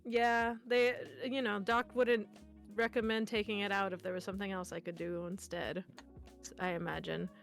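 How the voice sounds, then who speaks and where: A playful, giggly woman chats casually on a stream with a gravelly, fry-laced voice at a middling pitch. Faint music plays behind her. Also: little pitch movement, moderate pace. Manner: playful and giggly, with frequent laughs and goofy noises. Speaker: guest streamer.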